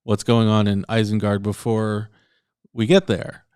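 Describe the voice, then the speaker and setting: A man's voice: fairly low pitch, flat delivery, a little slow, darkish tone, smooth, no room sound, studio quality. A man co-hosting a podcast, talking in an easygoing casual chat and explaining things plainly. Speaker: podcast co-host.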